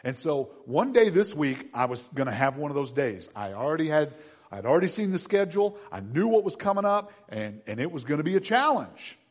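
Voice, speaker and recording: A husky-voiced male pastor in his fifties preaching in a storytelling way. His pitch leaps around constantly, and he moves from loud bursts to hushed asides. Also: very animated, a little fast. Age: 50s. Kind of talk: sermon.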